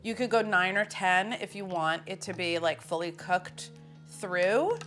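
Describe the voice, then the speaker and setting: A woman's voice: lowish voice, expressive, unhurried, a bit bright, soft background music. Chatty, self-mocking woman cooking on camera. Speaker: cooking show host. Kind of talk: casual cooking demonstration. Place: kitchen.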